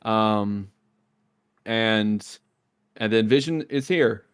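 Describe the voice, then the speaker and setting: The voice is fairly low and clean, and he talks very slowly. He's a podcast co-host recapping a TV episode in relaxed chat, animatedly voicing the characters' lines while retelling the scenes.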